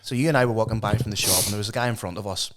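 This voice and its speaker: A man, co-hosting a podcast with animated, sweary, mock-eloquent banter. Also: fairly low pitch, very fast. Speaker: podcast co-host. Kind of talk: casual banter.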